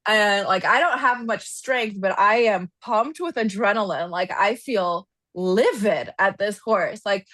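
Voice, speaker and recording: A woman speaking as a podcast guest, recounting a personal story in an easy, conversational way. She is expressive and animated, leaning on "like" as she talks. Her voice sits in a middle register and the sound is close and dry, with no room around it. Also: unhurried, few pauses, no echo. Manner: animated storyteller, frequent "like", rises in pitch when reliving anger. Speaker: podcast guest, equine therapist. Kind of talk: casual interview storytelling.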